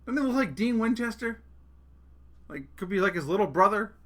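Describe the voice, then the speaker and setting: A man's voice: high voice, expressive, moderate pace. A middle-aged man hosting his own podcast, ranting casually, joking and swearing as he talks straight to his listeners. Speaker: podcast host. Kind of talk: casual rant.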